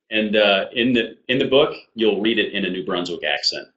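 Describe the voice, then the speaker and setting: Man from Iowa, co-host, measured practical explainer, lowish voice, dull roomy sound. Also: expressive, fairly bright tone. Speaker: podcast co-host. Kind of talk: casual business chat.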